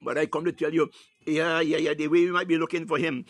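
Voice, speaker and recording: A man's voice: fairly high pitch, steady tone, dry recording, studio quality. A man preaching a fervent morning prayer and exhortation, quoting scripture and breaking into tongues between phrases, with many "uh"s and "hallelujah"s. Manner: fills pauses with "uh" and "hallelujah"; quotes scripture in King James wording.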